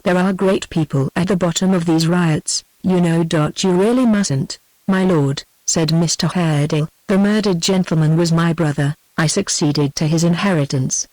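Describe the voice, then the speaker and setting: A synthetic text-to-speech voice reading a classic novel aloud in a flat, even manner, speaking punctuation marks as words. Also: mid-range voice, no room sound, rough recording. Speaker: audiobook narrator. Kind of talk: scripted narration.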